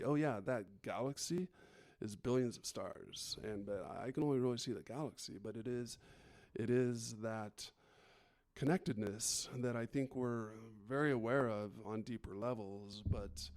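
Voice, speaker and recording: A man's voice: medium pitch, normal speed, a little mellow. A man co-hosting a podcast, speaking in a reflective, meandering way with many fillers. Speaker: podcast co-host. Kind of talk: casual chat.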